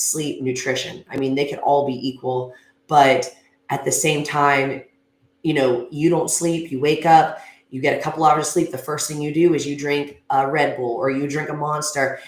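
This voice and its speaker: A woman giving an earnest, conversational motivational talk at a gym, with frequent fillers like "you know" and "um.". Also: deep voice. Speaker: gym speaker. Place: gym class space. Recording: echoey room.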